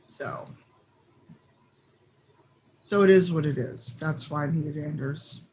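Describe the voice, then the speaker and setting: Gravelly man narrating his character. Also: on the high side, slow pace, darkish tone. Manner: casual, explanatory. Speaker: player.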